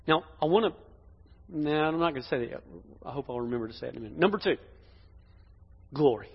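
A pastor preaching a sermon in a church, emphatic, swinging between loud declarations and hushed lines. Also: male voice, fairly high pitch, lively intonation, fast talker, vocal fry, slightly rough. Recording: dull echoey hall sound.

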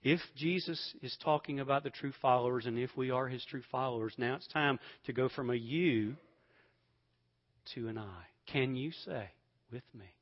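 A man preaching a sermon, swinging from loud emphatic bursts to soft, almost whispered lines. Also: medium pitch, normal speed, muffled recording. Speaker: pastor.

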